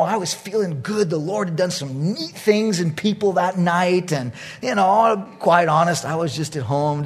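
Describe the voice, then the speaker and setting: A male pastor preaching a sermon. He tells his story with animated energy, jumping from loud bursts to hushed asides. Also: a little high.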